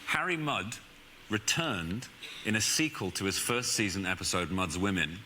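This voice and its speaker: A man's voice: on the low side, lively intonation, normal speed, noisy background. A man answering quiz questions in a hesitant, searching way. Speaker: quiz contestant.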